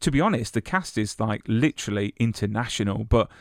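A man's voice: fairly low pitch, expressive, a little fast, vocal fry, no room sound, clean studio sound. A man interviewing an actor, chatty, often stumbling and repeating words as he asks his questions.

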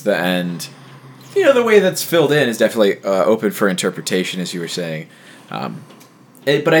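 A man hosting a casual podcast discussion about albums, thoughtful and steering the talk. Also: lowish voice. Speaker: podcast host.

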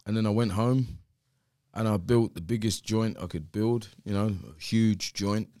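A man who is a pastor, telling his conversion story in casual chat, relaxed and chuckling at his own past. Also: lowish voice, unhurried, dry recording, clean studio sound.

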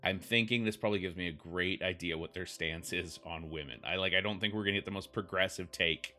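A man's voice: sits low, a little fast, bright, forceful tone, faint music behind. A man hosting a podcast, rambling through wry, self-deprecating comedic commentary.

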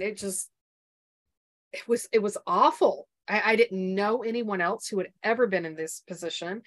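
Earnest middle-aged woman, halting speech. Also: mid-range voice, fairly bright tone. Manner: earnest, halting, with restarts and rising intensity. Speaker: podcast guest, coach for mothers. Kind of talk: emotional personal interview.

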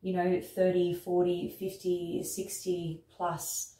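A woman speaks in a low, even voice with little rise and fall, reflecting candidly and dotting her speech with fillers. Her tone is dark and soft. She is recorded from a distance in an echoey room. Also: takes it slowly. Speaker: wellness retreat worker. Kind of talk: conversational interview.

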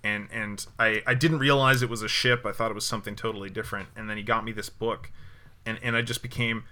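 Bright-voiced joking man. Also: on the low side, fairly even intonation, fast talker. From Newfoundland, Canada. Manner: jokey, laughs often, rambling anecdotes. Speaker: podcast guest. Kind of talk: casual podcast chat.

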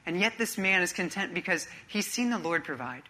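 Male pastor, conversational sermon, bright forward tone, searching questions. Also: high voice, expressive, brisk. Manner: earnest, conversational preaching with rhetorical questions.

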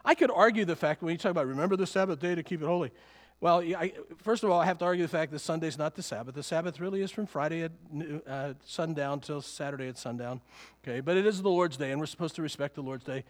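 A high-pitched male pastor preaching a sermon in a church sanctuary, talking conversationally with rhetorical questions and chuckling asides. His voice rings with a long hall reverb. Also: fast talker, few pauses.

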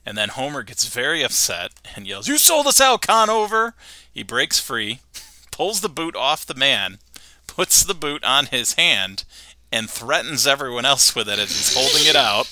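A man hosting a podcast, recapping a cartoon episode with animated storytelling and frequent laughter. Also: medium pitch, unhurried, no room sound. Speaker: podcast host.

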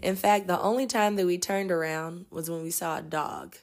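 A woman hosting a podcast as an energetic healer, telling a travel story in a chatty way and laughing often. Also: lowish voice, moderate pace. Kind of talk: casual storytelling.

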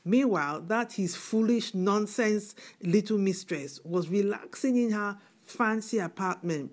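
A woman's voice: mid-range voice, a little slow, darkish tone, close to an everyday voice. A middle-aged woman with a Nigerian accent playing a bitter, wounded widow in a film drama, given to indignant "eh?"s. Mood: aggrieved. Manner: indignant, tearful, repeats "eh?". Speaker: widowed mother.

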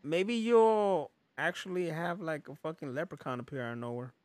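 A man's voice: fairly high pitch, normal speed, darkish tone, dry recording. A man hosting a podcast in loose casual chat, rambling, laughing often and swearing freely. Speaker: podcast host.

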